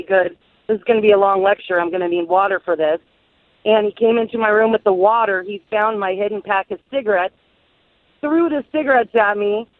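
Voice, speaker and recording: A woman's voice: mid-range voice, no echo. Wry woman caller on a phone line. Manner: wry, matter-of-fact. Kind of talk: phone-in storytelling.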